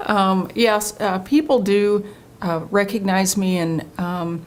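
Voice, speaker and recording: A middle-aged woman from Oklahoma, a state official answering interview questions in an earnest, storytelling way that turns animated when she quotes people. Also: medium pitch, slow pace, background noise.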